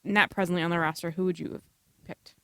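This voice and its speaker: A woman's voice: on the low side, fairly even intonation, fast, fairly bright tone, smooth, dry recording, clean studio sound. A woman co-hosting a casual gaming podcast chat, wry and teasing. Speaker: podcast co-host.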